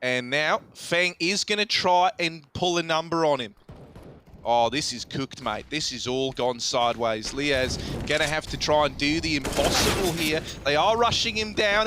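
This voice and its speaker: A man's voice: high-pitched, noisy background, pitched above the performer's own voice. Man doing a brash mock-Australian caster. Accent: put-on Australian. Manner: excitable, slangy, calls players by nickname.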